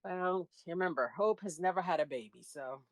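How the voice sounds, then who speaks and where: A woman's voice: on the low side, normal speed, no echo. A woman co-hosting a podcast, chiming in with short reactions during a casual chat. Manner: chimes in with short reactions and laughs. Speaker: podcast co-host.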